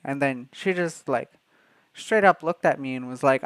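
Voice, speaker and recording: A man's voice: medium pitch, moderate pace, smooth, dry recording. A young man from Canada, a streamer telling a workplace story in casual livestream chat, swearing freely.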